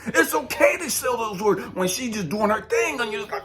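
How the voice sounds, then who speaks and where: Blunt preachy man, lively pitch. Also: normal speed, few pauses, a little hiss or hum. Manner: preachy and blunt, swings between loud and hushed. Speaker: spiritual coach. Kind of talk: motivational talk.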